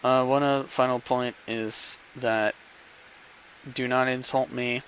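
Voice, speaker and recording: A man delivers an unscripted opinion rant to his camera, pressing his points with repeated rhetorical questions. His voice is bright and forceful at a middling pitch. A faint hiss sits under the recording. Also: little pitch movement, slow pace, rough recording. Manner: argumentative, repeats rhetorical "okay?" and "right?". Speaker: vlogger speaking to camera. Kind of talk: casual political monologue.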